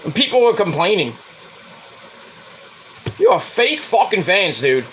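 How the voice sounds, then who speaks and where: A man's voice: very animated, unhurried, long pauses, a bit bright, a little hiss or hum, low-quality recording. Profane New man ranting about sports. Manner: profane, blunt, mocks with high whiny voices. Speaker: podcast host. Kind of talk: casual sports rant.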